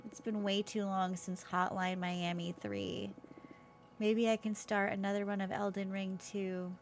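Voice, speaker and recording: A woman streamer voicing a gloomy, self-loathing young student from a video game, read slowly and flatly. The voice is gravelly with vocal fry and sounds downbeat. A faint hiss sits underneath. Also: mid-range voice, lightly acted. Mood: glum. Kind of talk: reading game dialogue aloud.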